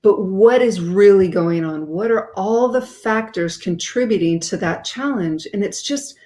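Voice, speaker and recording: A woman's voice: medium pitch, a little slow, dark tone. A woman speaking as a guest author in an interview, explaining her ideas in an earnest way.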